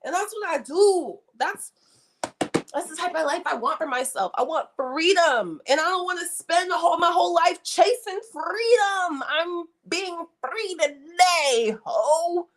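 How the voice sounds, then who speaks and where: A woman's voice: very high-pitched, a little slow, fairly bright tone, a little hiss or hum. A young woman chatting frankly and animatedly to viewers on a livestream, often repeating herself for emphasis. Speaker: livestream host. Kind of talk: casual livestream chat. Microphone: streaming setup.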